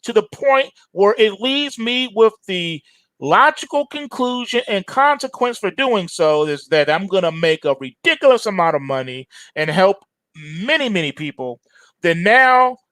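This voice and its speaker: A man's voice: high voice, very animated, measured pace, a bit bright, no room sound. A man hosting a trading show, giving an emphatic, preachy market commentary full of slang and repetition.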